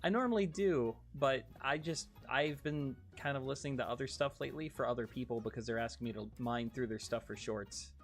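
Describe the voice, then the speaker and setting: Male streamer, casual livestream chat; excitable, giggly, loose-mouthed, with faint background music. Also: mid-range voice, fairly quick, hardly any pauses. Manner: excitable and giggly, swears freely.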